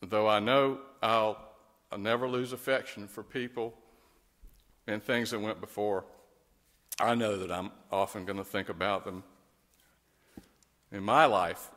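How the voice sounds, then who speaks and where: A man's voice: on the low side, long reverb tail. A man speaking as a pastor, giving a tender funeral eulogy and prayer. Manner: gentle and tender, rising to lively storytelling.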